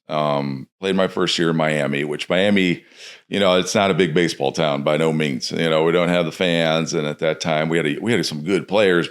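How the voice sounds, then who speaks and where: A man from Chicago, a former pro baseball player, talking casually as a podcast guest and acting out quotes as he speaks. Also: sits low.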